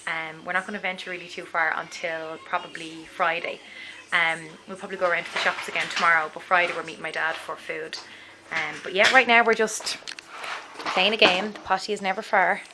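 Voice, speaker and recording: A woman's voice: on the low side, fairly even intonation, a little fast, background noise. A woman, a mother, chatting in a rambling video diary with lots of fillers. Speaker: mother vlogger.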